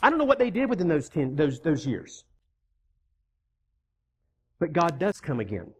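With a husky, medium-pitched voice whose pitch swoops wildly, a preacher moves at a moderate pace through an emphatic, conversational sermon. Scripture is read aloud and its characters voiced, key words are repeated for emphasis, and there are conversational asides to the congregation.

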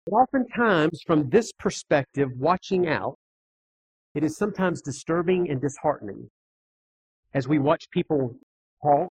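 Male pastor, sermon delivery, earnest and measured, slightly raised pitch, dry close mic. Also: expressive, darkish tone, breathy edge, dry recording, rough recording. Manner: earnest, measured preaching with pauses for emphasis. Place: church sanctuary, on stage.

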